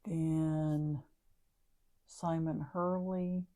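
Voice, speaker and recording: A woman's voice: sits low, little pitch movement, drawn-out words, mellow. A woman chatting casually while she demonstrates a craft, rambling and thinking aloud as she corrects herself. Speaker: craft vlogger. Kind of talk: casual crafting demo chat.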